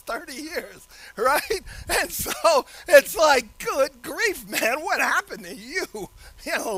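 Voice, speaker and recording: A man preaching a lively sermon, laughing often and shouting some phrases. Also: very high-pitched.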